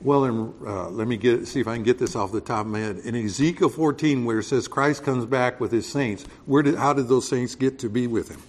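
A man from Texas preaching a Bible sermon in a conversational way, growing loud and emphatic on key points. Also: medium pitch, brisk, hardly any pauses. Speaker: pastor.

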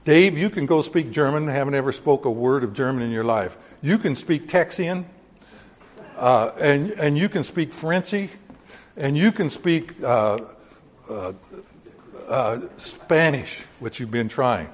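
A man's voice: medium pitch, lively intonation, measured pace. A man preaching a sermon in a folksy, joking way, with sudden bursts of emphasis. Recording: long hall reverb.

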